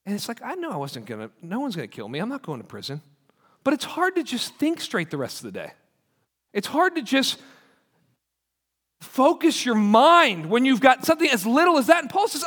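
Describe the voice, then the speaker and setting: High-voiced emphatic preacher in echoing hall. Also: male voice, wildly swooping pitch, brisk, a bit bright. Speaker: pastor. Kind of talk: sermon. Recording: long hall reverb.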